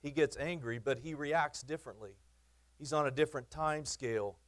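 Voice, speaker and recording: A pastor with a somewhat high voice preaches at a moderate pace in a conversational, emphatic style. He often repeats and restarts phrases and makes teasing asides to his congregation.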